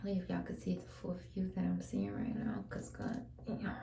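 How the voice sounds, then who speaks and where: A woman's voice: lowish voice, flat delivery, fairly quick, gravelly, hardly any pauses, mellow, roomy sound, a little hiss or hum, low-quality recording. A young woman, whispering a laid-back, chatty vlog at home while she brushes her teeth and washes her face. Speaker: vlogger. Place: home bathroom.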